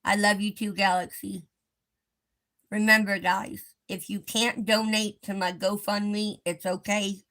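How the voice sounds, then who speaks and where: Slow, gentle woman talking to stream viewers. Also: medium pitch, flat delivery. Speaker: livestream host. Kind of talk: casual live-stream talk to viewers.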